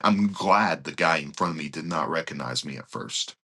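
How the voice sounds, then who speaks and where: A male pastor appears as a guest on a podcast, animatedly telling anecdotes and performing the dialogue of the people in them. He has a bass voice and keeps a moderate pace throughout this interview storytelling.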